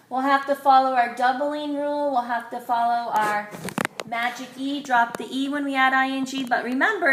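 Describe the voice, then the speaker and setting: A woman teacher giving an early-grade phonics lesson, speaking slowly and clearly, sounding out words and praising the class. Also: a little high, fairly bright tone. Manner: slow, clearly enunciated, encouraging, sounds words out. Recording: echoey room, faint noise.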